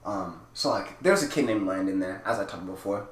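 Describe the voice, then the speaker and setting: A young man co-hosting a casual podcast, telling stories in a rambling way, full of "like" and quick laughs. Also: deep voice, animated. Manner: rambling storytelling, heavy "like" filler, laughs often. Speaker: podcast co-host. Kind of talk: casual chat. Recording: echoey room with faint ambience.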